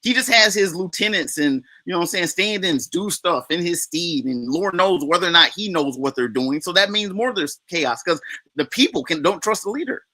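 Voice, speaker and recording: High, sharp-voiced man rambling casually. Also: animated, moderate pace, no echo. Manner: rambling, loses his train of thought, casual slang. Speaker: livestream panelist. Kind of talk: casual podcast discussion.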